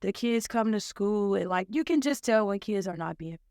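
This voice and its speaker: A woman's voice: medium pitch, animated, normal speed, darkish tone, dry recording, studio quality. A woman from Cincinnati hosting a casual podcast chat between moms, chatty and laughing often. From Cincinnati, Ohio. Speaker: podcast host.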